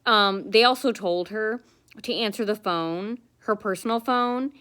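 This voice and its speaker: A woman's voice: medium pitch, measured pace, fairly bright tone, clear, resonant tone. A woman telling a long personal story to the camera in a casual, rambling, aggrieved way, full of fillers and restarts. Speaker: vlogger.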